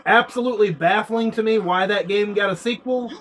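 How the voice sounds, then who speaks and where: A man's voice: sits high, fairly quick, a bit bright, poor audio. A man giving casual, profane gameplay commentary, ranting about games as a YouTuber. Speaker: gaming YouTuber.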